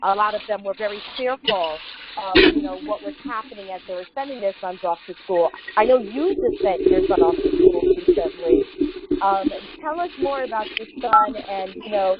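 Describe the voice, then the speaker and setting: A woman hosting a remote interview, asking questions in a hesitant way with many pauses and fillers. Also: medium pitch, lively intonation, a loud crowd. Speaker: host. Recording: dull lo-fi call audio.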